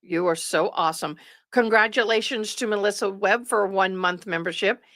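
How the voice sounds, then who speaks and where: Woman, livestream host, tired, rambling chat, dry close sound, mid pitch. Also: unhurried, no echo. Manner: chatty, rambling, warm toward viewers. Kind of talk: casual chat with live viewers.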